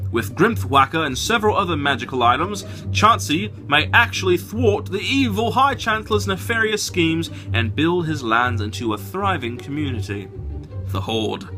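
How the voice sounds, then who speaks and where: A man's voice: mid-range voice, sharp tone. A man reading a game manual story aloud in a put-on British accent, with a theatrical, swooping storybook delivery. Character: male storybook narrator with mock British accent.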